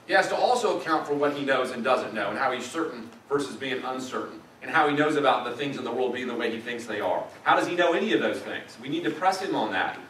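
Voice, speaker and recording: A man's voice: medium pitch, lively intonation, fast, few pauses, fairly bright tone, a little hiss or hum. A middle-aged man giving a teaching lecture at a church in a conversational way with dry humor. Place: church sanctuary. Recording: echoey church room from a distance, faint ambience.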